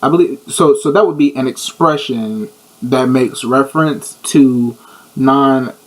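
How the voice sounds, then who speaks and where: A man co-hosting a podcast in casual chat, playful and animated, often repeating words. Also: mid-range voice, measured pace, rough recording. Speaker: podcast co-host.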